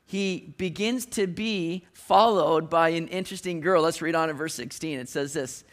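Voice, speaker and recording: A man's voice: fairly high pitch, normal speed, hardly any pauses. A man preaching a sermon in a casual, conversational way, often restarting his phrases and dropping in modern slang.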